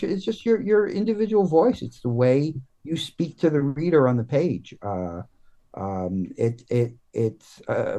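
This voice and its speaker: Halting American man musing on writing. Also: mid-range voice, mellow. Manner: halting, many restarts and fillers. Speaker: guest comics writer. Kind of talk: casual podcast interview.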